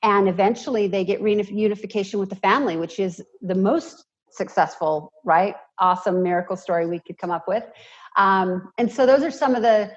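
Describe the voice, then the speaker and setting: A middle-aged woman directing a charity, speaking earnestly and from the heart as an interview guest. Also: medium pitch. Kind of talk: interview conversation. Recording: dull, muffled audio.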